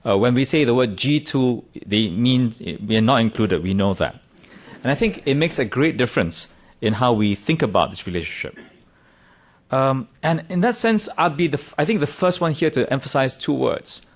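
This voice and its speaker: A man's voice: medium pitch, lively intonation, moderate pace. A middle-aged man from Singapore giving a conference talk in a wry, self-deprecating way, with emphatic stresses. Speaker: conference speaker. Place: conference room.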